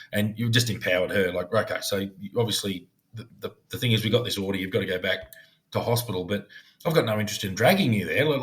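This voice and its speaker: A man's voice: fairly low pitch, fairly bright tone. A man, a podcast co-host and former police negotiator, telling a story in casual chat. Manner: storytelling, slips into funny put-on voices for quoted people.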